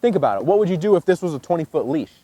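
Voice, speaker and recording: Lively man teaching dog training. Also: rapid-fire, dry recording. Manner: lively, jumps to a high excited voice when praising. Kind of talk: instructional demonstration.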